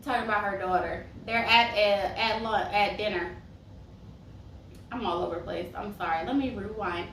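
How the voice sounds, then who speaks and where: A woman's voice: medium pitch, moderate pace, fairly bright tone. A young woman chatting casually as she reviews a reality TV show, sassy and full of tangents. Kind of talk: casual chat. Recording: roomy echo, mic far off, faint hiss.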